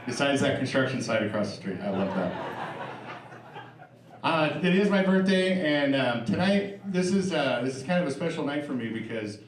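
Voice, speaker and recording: Here a middle-aged comic delivers a profane, conversational stand-up set, bantering with the crowd through a club stage microphone. The voice is medium-pitched and expressive at normal speed, recorded from afar in a roomy live space as the audience laughs.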